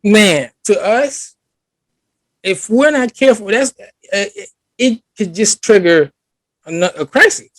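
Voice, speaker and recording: Young male co-host, slightly high voice, dry close sound, animated storyteller. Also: a little slow, pauses often, no echo. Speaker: podcast co-host. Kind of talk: casual chat.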